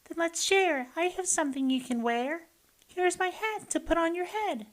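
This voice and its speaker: A man's voice: extremely high pitch, animated, normal speed, a bit bright, voice pushed up. A man voicing an eager little child who offers clothes, while reading a picture book aloud. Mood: eager, cheerful.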